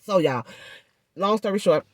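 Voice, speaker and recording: A woman vlogger telling a story in a chatty, animated way, speaking through a swollen jaw and addressing viewers directly. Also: medium pitch, a little slow, no room sound, studio quality. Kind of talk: casual storytelling vlog.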